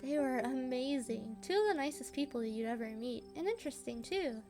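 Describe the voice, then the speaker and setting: Brief: woman reading a chipper, down-to-earth young woman, high voice, over game music. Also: lively intonation, a little fast, a little mellow. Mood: fond. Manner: cheerful, folksy, matter-of-fact. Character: friendly young woman living alone with her old dog.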